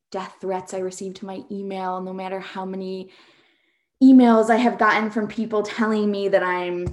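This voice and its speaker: A woman's voice: medium pitch, darkish tone. A young adult woman teacher in an interview, speaking earnestly with many fillers. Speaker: high school teacher, guest. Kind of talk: emotional interview talk.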